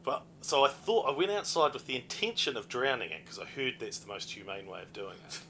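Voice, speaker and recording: A young man hosting a casual podcast chat, animated, laughing often and swearing freely. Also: medium pitch, a little fast, a little hiss or hum.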